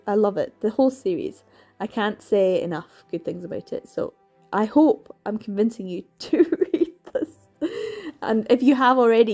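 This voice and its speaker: A woman's voice: medium pitch, warm tone. A woman, chatting casually and enthusiastically about books she has read, with lots of fillers and little laughs. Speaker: book reviewer. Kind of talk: casual chat.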